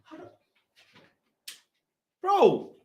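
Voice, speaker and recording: A man's voice: very slow, mellow, dull audio. A young man ranting in a casual live stream about football, frustrated and swearing. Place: home room.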